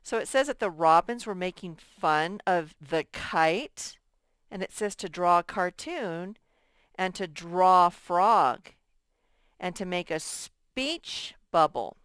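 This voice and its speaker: Slow, patient woman teaching first grade. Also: fairly low pitch, animated, a bit bright, clear, resonant tone, no echo. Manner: slow, patient, sing-song teacher delivery. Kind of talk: recorded classroom lesson.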